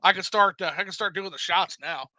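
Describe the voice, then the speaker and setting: A man's voice: sits high, brisk, bright, forceful tone, no room sound, rough recording. A man hosting a casual live stream. He jokes around, swears freely, and talks with animation. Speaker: host.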